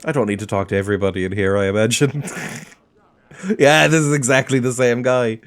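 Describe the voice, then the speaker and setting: A man's voice: mid-range voice, fairly even intonation, a little fast, clean tone. A man casually commentating a game he plays, chatty and often giggling. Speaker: gaming video host. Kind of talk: casual let's-play commentary.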